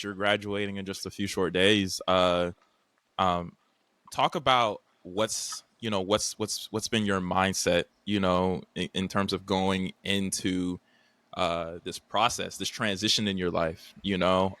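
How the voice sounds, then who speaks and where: A young man in his twenties hosting a casual interview, relaxed and slangy, rambling through his questions with restarts. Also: sits low, unhurried, dry recording. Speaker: podcast host.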